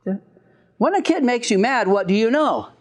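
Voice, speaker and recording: A man's voice: very high-pitched, animated, moderate pace. Guy lecturing on parenting, lots of up and down in his voice, chuckles a lot, acts out little scenes. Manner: jokey, laughs at own lines, acts out parent and child voices. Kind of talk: recorded lecture.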